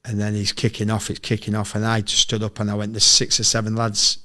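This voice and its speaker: A middle-aged man from England with a slightly low voice, spinning a football yarn as a podcast guest. He talks in a sweary, animated, casual way, full of quoted back-and-forth. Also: brisk. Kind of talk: casual storytelling.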